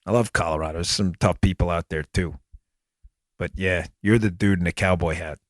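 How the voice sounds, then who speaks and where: A man's voice: low voice, steady tone, a little fast, no echo. A man hosting a podcast, delivering emphatic, impassioned political commentary. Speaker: podcast host.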